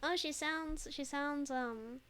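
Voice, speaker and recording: A woman's voice: high-pitched, takes it slowly, sharp tone. A woman streamer chatting casually over a game, laughing often and thinking aloud with lots of fillers. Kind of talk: casual let's play commentary.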